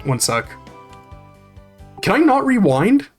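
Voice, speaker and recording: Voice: medium pitch, wildly swooping pitch, takes it slowly, soft background music. Rambling, foul-mouthed game streamer. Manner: rambling, swears freely, reads and answers chat. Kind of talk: casual live-stream chat while gaming.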